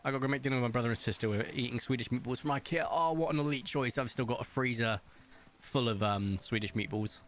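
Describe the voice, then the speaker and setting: A man streaming a game, chatting casually, reading viewers' messages aloud and telling stories, with big playful jumps in pitch. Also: quick pace. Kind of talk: casual chat while gaming, reading chat aloud.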